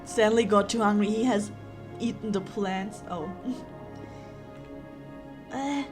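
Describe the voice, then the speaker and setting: Over music, a German-accented woman from Germany takes it slowly at medium pitch while streaming a game. She giggles, jokes around and swears often in her casual gaming commentary.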